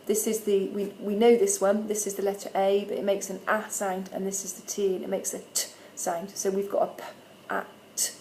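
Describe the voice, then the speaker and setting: The poor audio carries slight background noise as a primary school teacher sounds out letters slowly and clearly in a friendly instructional video for parents. She speaks patiently in a mid-range, level, dark voice.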